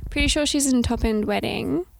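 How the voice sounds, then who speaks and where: Young australian woman, podcast guest, gravelly fry, slightly high voice, giggly, chatty. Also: brisk, slight background noise. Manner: giggly, chatty, many fillers. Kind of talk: casual chat.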